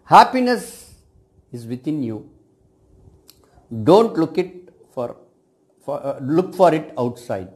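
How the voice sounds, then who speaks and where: A man, a cosmetic science lecturer giving a reflective video talk to his students, speaking in measured phrases that often end with "right?". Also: medium pitch, expressive, mellow.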